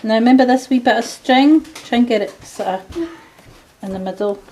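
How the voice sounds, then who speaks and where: A woman's voice: on the high side, moderate pace, background noise. A Scottish woman chatting casually as she shows a recipe at home in her kitchen. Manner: chatty, homely, talks while working. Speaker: home vlogger.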